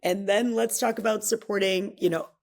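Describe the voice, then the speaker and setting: A woman podcast guest, a mentor, chatting casually and telling stories with animated energy. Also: mid-range voice, normal speed, creaky. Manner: animated storytelling, chiming in. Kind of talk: casual conversation.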